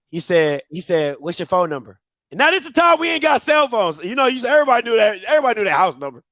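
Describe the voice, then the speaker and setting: A man's voice: sits high, very animated, quick pace, a bit bright, no room sound. A young man telling a childhood story on a talk show, acting out his younger self with screams and laughter. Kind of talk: animated storytelling.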